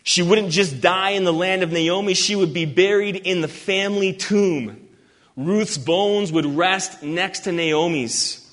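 Guy preaching a bible sermon, kinda high voice, earnest and punchy, lots of echo. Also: a bit bright. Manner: earnest, emphatic, reads scripture slowly. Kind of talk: expository sermon. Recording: long hall reverb.

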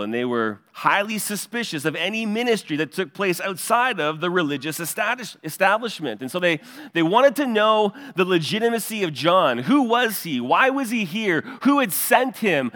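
A man's voice: high voice, a bit bright, long reverb tail. A male pastor preaching an expository sermon in an earnest teaching cadence, pointing listeners to verses.

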